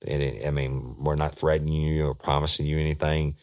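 A middle-aged man tells a story, his voice sitting extremely low with a rough, gravelly edge. He talks bluntly and swears freely, like a former investigator recounting a case. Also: level tone, a little fast. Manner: blunt, profane. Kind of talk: casual storytelling.

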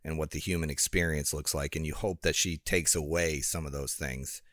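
A middle-aged man in casual chat, speaking calmly and reflectively about raising kids. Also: very deep voice, normal speed, dry recording, clean studio sound.

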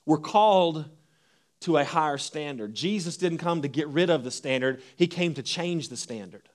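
Man, pastor, sermon, fairly high voice, repeats and restarts, slow scripture reading. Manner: animated preaching with repeated words and restarts.

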